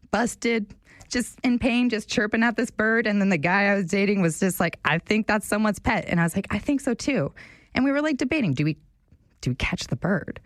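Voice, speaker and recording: A young woman hosting a talk radio show, telling a story in a chatty, animated way. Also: mid-range voice, no echo. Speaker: radio show fill-in host. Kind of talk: casual talk radio chat.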